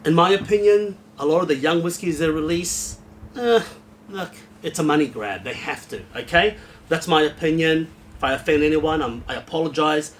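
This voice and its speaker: A man's voice: fairly high pitch, moderate pace, slight background noise. Blunt, rambling man reviewing whisky. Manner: rambling, blunt, swears freely. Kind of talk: casual unscripted review.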